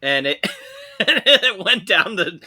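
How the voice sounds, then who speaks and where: A man co-hosting a casual podcast, telling a halting, loose story full of fillers. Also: high voice, very animated, pushed and bright. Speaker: podcast co-host. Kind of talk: casual comedic chat.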